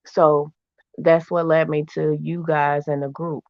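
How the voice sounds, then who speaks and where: A woman's voice: sits low, level tone, unhurried, no echo. Woman guest, earnest and insistent, dry dull lo-fi audio. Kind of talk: casual chat.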